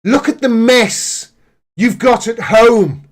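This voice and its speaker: A man's voice: very high-pitched, slow. A man hosting a live political commentary stream, reading news aloud and reacting with indignant sarcasm.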